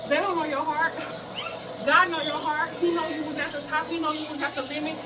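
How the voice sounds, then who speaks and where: A woman's voice: sits high, little pitch movement, a little fast. A woman talking in a motivational workout vlog, sassy and emphatic, sometimes out of breath while exercising. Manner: sassy, preachy, emphatic, laughs often. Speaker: plus-size fitness vlogger. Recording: distant mic with music behind.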